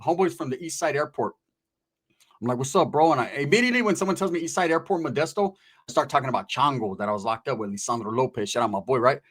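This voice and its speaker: Fast-talking, profane male storyteller. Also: medium pitch, husky. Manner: profane, animated and rambling. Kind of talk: casual storytelling.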